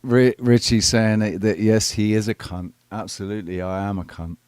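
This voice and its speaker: Low-voiced male host, crude and rambling, dry mic. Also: steady tone, normal speed, a little mellow, clean tone, no echo. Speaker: live show host. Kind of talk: casual live panel chat.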